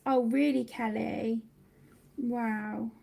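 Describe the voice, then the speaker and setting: A woman's voice: on the high side, steady tone, drawn-out words, gravelly, dark tone. A woman in her thirties hosting a casual colouring livestream, chatting and reading viewer comments aloud.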